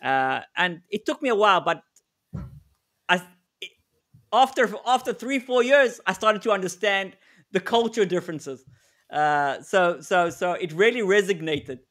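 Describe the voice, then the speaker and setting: A man co-presenting a live webinar, telling stories in an animated way and laughing often. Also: high voice, a little slow. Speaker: co-presenter, negotiation expert.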